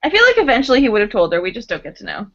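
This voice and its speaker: A woman's voice: on the high side, wildly swooping pitch, rapid-fire, lo-fi sound. A woman in a book club chatting lightly about a novel, laughing and asking her friends questions. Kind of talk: casual chat.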